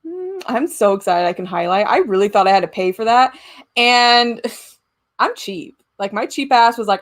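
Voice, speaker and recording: A woman's voice: on the high side, expressive, moderate pace. A young woman hosting a casual live stream from home, chatting to viewers, giggling often and swearing casually. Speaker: YouTube live-stream host.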